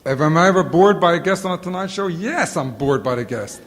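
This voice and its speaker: A comedian fields audience questions in a casual Q&A before a live auditorium crowd, telling funny stories in animated bursts and acting out the quotes. He has a sore throat and a lozenge in his mouth. His voice runs on the high side and brisk, with a big-room sound.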